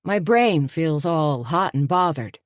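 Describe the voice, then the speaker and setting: A woman's voice: sits low, lively intonation, slow pace, no echo, clean studio sound. A woman doing a scruffy, dim-witted man's voice. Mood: whiny. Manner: folksy slangy drawl.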